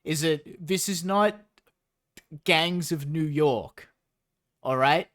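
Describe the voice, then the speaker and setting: A man's voice: fairly high pitch, takes it slowly, a bit bright. A young man streaming as he reads a story aloud, breaking off into incredulous, profane, sarcastic asides.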